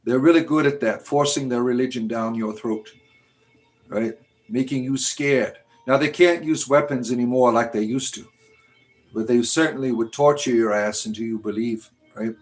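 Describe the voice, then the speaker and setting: A man's voice: mid-range voice, normal speed, faint music behind. A man hosting a livestream in casual chat, talking back to his viewers in a sarcastic, scornful way. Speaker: livestream host answering chat.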